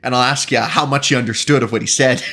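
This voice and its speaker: A man's voice: mid-range voice, creaky, bright, forceful tone. A young man with a slight Eastern Canadian lilt, chatting casually and laughing often while streaming a game. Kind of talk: casual chat while gaming.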